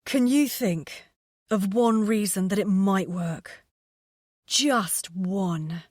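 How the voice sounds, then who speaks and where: A woman voicing a grown man who pleads softly and affectionately with his lover on the phone. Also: mid-range voice, very slow, no echo, studio quality. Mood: pleading.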